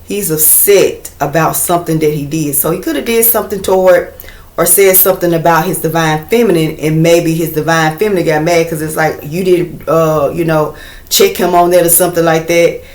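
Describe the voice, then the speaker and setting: A woman's voice: low voice, steady tone, moderate pace, a little mellow, roomy sound. A woman giving a casual tarot reading to her viewers, blunt and chatty, swearing freely and talking straight to them. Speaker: tarot reader.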